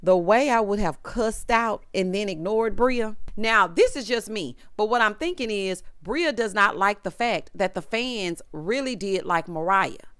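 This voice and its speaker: A woman's voice: medium pitch, expressive, unhurried, hardly any pauses, fairly bright tone, smooth, no room sound, clean studio sound. A woman recapping a reality TV episode in casual, sassy commentary, talking straight to her viewers.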